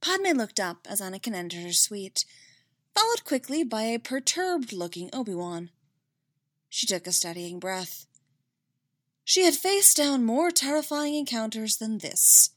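Slow, measured woman reading a story. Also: fairly high pitch, very animated, fairly bright tone, dry recording, studio quality. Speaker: reader. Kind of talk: fan audiobook narration.

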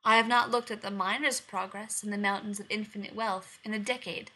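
A woman's voice: medium pitch, fairly even intonation, fairly quick, bright, forceful tone. A woman voicing a domineering king. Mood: firm. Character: domineering hungry-eyed king, husband.

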